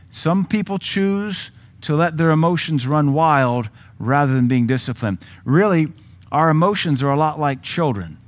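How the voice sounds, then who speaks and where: A man with a Southern American accent, a pastor preaching a sermon, repeating words for emphasis and lifting his voice for quotations. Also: on the high side. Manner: repetitive emphatic preaching, quotes with raised voice. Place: church.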